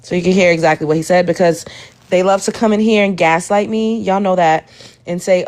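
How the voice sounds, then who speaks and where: A woman's voice: on the low side, brisk, darkish tone. Exasperated woman hosting a live stream. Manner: exasperated, addresses chat directly. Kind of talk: casual live stream commentary.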